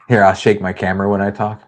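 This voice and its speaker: A man's voice: fairly low pitch, a little mellow, slight background noise. A man hosting a casual livestream, talking in a loose, rambling way and reading viewer comments aloud. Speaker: host.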